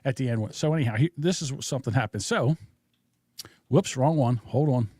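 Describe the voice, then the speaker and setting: A man's voice: medium pitch, fairly quick, dark tone, no echo, clean studio sound. A man co-hosting a podcast, giving blunt opinions in casual chat and rambling with restarts and fillers. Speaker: podcast co-host.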